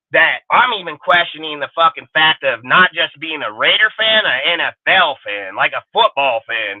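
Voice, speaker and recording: Man host ranting on a livestream, aggressive and profane; high-pitched, dry, tinny. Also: no room sound. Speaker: channel host. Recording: tinny phone-like livestream audio.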